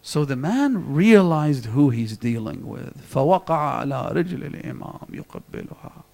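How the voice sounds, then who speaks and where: A man's voice: mid-range voice, lively intonation, fast talker, creaky, a little mellow. A man giving a religious sermon, telling a story with dramatic shifts in intensity and acting out the quotes. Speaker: preacher. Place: mosque lecture hall.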